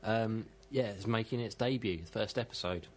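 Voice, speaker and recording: A man's voice: on the low side, moderate pace. A man with a British accent co-hosting a gaming podcast, running through the news with dry, understated remarks. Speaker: podcast co-host. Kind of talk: casual podcast chat, reading news.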